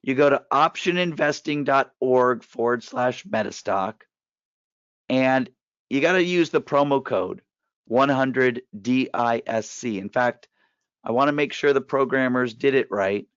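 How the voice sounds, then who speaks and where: A man with a hoarse, raspy voice makes a direct, persuasive pitch for a course. The audio is dull and lo-fi, with a dry, close sound and no room around it. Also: expressive, unhurried, a bit bright, dry recording. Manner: direct, persuasive, walks through steps. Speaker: trading course presenter. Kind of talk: promotional webinar pitch.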